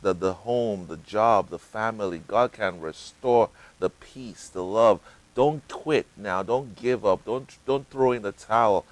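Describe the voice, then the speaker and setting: A man's voice: unhurried, no echo, poor audio. A middle-aged man from Africa hosting a TV talk show, preaching with emphatic repetition, then chatting with his guest. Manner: repetitive, emphatic, breaks into high laughter. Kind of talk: preaching then casual interview. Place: TV studio.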